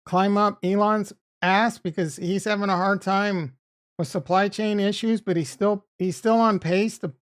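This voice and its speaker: A man's voice: sits high, steady tone, unhurried, clear, resonant tone. Rambling, profane Boston-accented man. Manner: rambling, profane, talks back to chat. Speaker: crypto streamer reading chat. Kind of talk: casual livestream chat.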